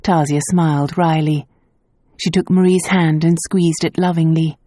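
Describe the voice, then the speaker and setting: Warm low-voiced woman narrating. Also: fairly even intonation, a little slow, no echo. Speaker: audiobook narrator. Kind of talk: scripted narration.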